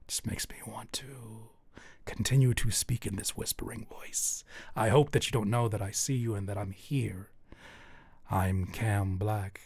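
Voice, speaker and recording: A man voicing a creepy male stalker in whispered role-play, speaking in a hushed, slow, unsettlingly intimate voice. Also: lowish voice, no echo, voice pushed down.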